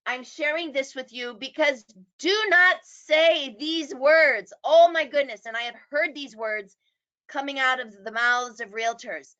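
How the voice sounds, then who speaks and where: A middle-aged woman teaching real estate agents, animated and acting out quoted people. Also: high voice. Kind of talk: presentation. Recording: dull lo-fi audio.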